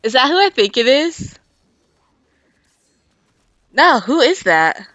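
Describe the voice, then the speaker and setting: Casual female streamer from the US, chatty and excitable, dull lo-fi mic audio. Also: sits high, takes it slowly, no room sound. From United States. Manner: chatty, lots of "like" and "um", bursts into excited squeals and laughs with swearing. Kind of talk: casual live-stream chat and trailer reaction.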